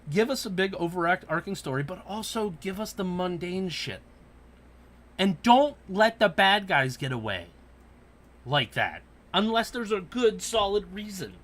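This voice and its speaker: Swearing freely, a high-voiced podcast host spins stories and rants in an animated, unhurried way on his casual show.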